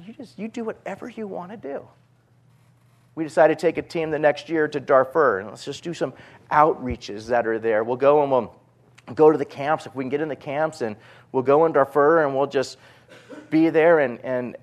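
A man preaching to a live audience in a room, telling stories in quick, animated bursts and often repeating himself. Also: on the high side. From United States. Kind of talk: sermon with personal storytelling.

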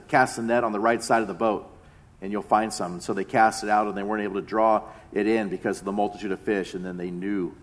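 Dramatic low-voiced male preacher. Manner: dramatic retelling, swinging between loud emphasis and hushed tones. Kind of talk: sermon.

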